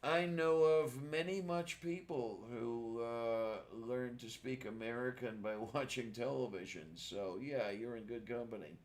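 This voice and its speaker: A man's voice: mid-range voice, unhurried, few pauses, a little hiss or hum. A man co-hosting a casual chat, easygoing, giving short replies and laughing along.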